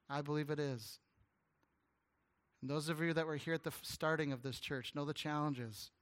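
A man preaching a sermon as a guest pastor, telling an earnest story with stammered restarts and some hushed, tender moments. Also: a little high, smooth. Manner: drops to a hushed, tender voice at emotional points.

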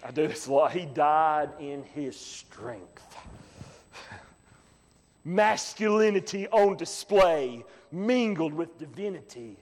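A man preaching as a pastor, impassioned, breaking into shouts to drive points home. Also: a little high, animated, slow pace, big-room sound. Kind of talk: sermon.

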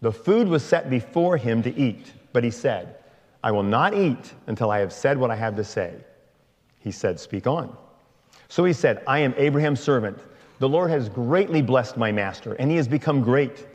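A man reading a long scripture passage aloud in a slow, measured way. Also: mid-range voice, expressive, darkish tone, in a large hall. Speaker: scripture reader.

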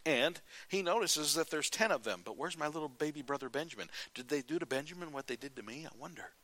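A man preaching a sermon, retelling a Bible story in a lively way and acting out what the characters say. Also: fairly high pitch, fast talker.

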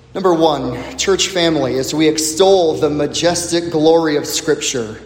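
A pastor preaches to his congregation, a man with a high voice that swings widely in pitch. He takes his time, pausing for emphasis and sinking to a quiet hush on key words. His voice rings through a large hall with a long, echoing reverb. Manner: emphatic preaching with slow dramatic pauses and dropping to a low hush. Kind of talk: sermon. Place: church sanctuary.

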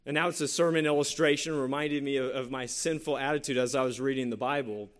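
A man's voice: mid-range voice, steady tone, fast. A man preaching a sermon, earnest and conversational, often repeating his phrases and telling a personal story. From San Jose Bay Area, California. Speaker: pastor.

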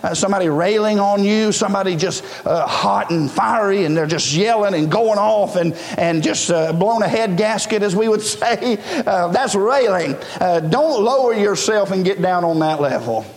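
Male preacher, high pitch, chatty sermon that swells into shouts, recorded in an echoing hall. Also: moderate pace, few pauses. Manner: conversational preaching with many fillers, rising to shouts.

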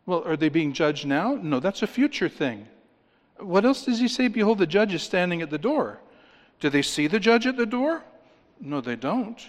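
A man's voice: sits high, animated, normal speed. A man preaching a sermon, emphatic, reading scripture aloud and firing rhetorical questions at his listeners. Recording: long reverb of a large hall.

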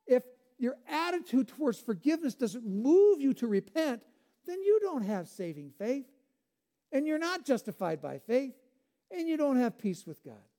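Male pastor, earnest pleading sermon delivery; high-pitched, warm and dark in tone. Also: big pitch swings, normal speed.

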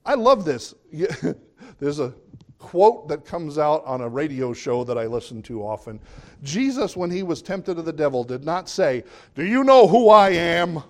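New preacher guy, gets loud and high on the big points, sermon vibe. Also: a little slow. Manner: animated, rising to high emphatic bursts. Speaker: pastor.

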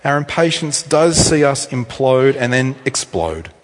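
A male pastor preaching a sermon in a church, telling stories in a chatty, animated way with offhand asides. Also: mid-range voice, unhurried. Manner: animated storytelling, conversational asides. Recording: echoey hall reverb.

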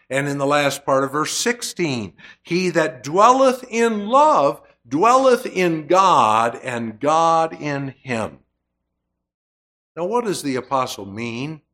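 A man preaching a sermon, slow and deliberate, with emphatic swells on key words. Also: fairly high pitch, a bit bright.

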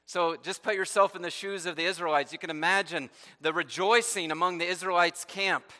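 A man's voice: high-pitched, fairly even intonation, brisk, pushed and bright, big-room sound. A man preaching a sermon, reading scripture aloud and explaining it verse by verse with rhetorical questions. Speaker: pastor.

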